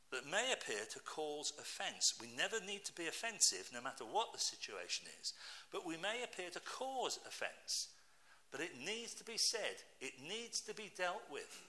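A middle-aged British man preaching a sermon, telling personal stories and asking his listeners rhetorical questions. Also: on the high side. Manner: lively storytelling, asks the congregation rhetorical questions.

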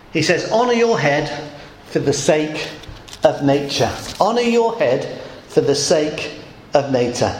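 A man preaching a sermon to a congregation, leaning hard on key phrases and repeating them slowly, with dry asides. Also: a little high. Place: church hall. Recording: echoey church hall.

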